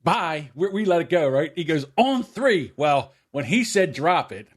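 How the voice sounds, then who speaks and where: A man on a podcast telling family stories in a casual, animated way. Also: moderate pace. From New Jersey shore area. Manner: animated, acts out quoted voices in a high pitch. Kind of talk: casual storytelling.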